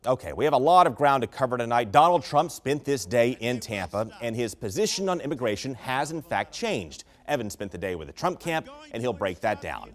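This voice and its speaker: Lively-voiced male TV show host. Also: mid-range voice, brisk, hardly any pauses, a crowd in the background. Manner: playful quizmaster reading multiple-choice options. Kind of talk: political comedy show hosting.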